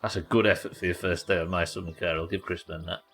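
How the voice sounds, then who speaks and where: A young British man streams a game live, his voice sitting a little low as he chats with viewers and narrates each step. He swears freely and keeps a loose, friendly flow, with faint music playing behind him. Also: fairly even intonation, fast, fairly bright tone. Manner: chatty, sweary, talks to chat while working. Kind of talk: live gameplay commentary.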